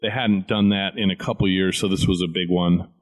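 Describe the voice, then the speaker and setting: Easygoing guest co-host with a deep low voice, chatty and explanatory. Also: male voice, fairly even intonation, a little fast. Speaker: comic shop owner, guest co-host. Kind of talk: casual chat.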